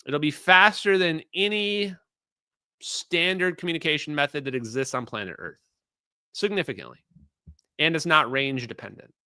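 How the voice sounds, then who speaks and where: A man's voice: fairly high pitch, animated, moderate pace, pushed and bright, clear, resonant tone, no room sound, studio quality. A middle-aged man commenting on clips during a live stream, emphatic and opinionated, talking straight to his chat.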